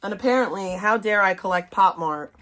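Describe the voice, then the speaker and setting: A woman's voice: medium pitch, brisk, fairly bright tone. A woman, ranting bluntly and profanely to her stream chat. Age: 30s. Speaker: livestream host. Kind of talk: casual rant to stream chat.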